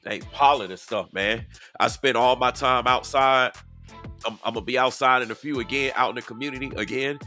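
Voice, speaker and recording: A man hosting a casual live-stream commentary outdoors talks fairly quickly in a medium-pitched voice that sounds pushed and bright. He speaks straight to viewers and repeats himself for emphasis, while faint music plays behind.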